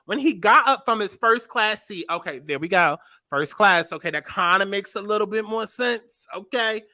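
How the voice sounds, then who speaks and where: Animated, bright-voiced woman host. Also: mid-range voice, moderate pace. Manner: animated, profane, exasperated riffing. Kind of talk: comedic commentary.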